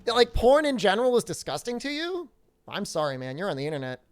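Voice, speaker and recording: A man's voice: high-pitched, big pitch swings, fast talker. A man streaming a video game, chatting casually and jokingly as he reads viewers' questions aloud. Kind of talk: casual live-stream chat.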